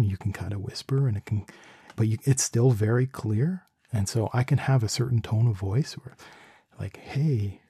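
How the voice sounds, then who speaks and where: A man's voice: mid-range voice, mellow, slightly rough, dry recording. A man talking casually about his microphone setup into a studio microphone in a small home room, rambling and thinking aloud with restarts. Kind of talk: casual talk to camera. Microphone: studio condenser microphone with pop screen.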